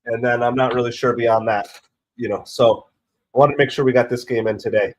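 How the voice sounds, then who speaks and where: A middle-aged man with a cold, hoarse and stuffy, hosting a live stream and chatting casually through the play-by-play. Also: a little fast, slight background noise. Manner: rambling, excitable about pitches.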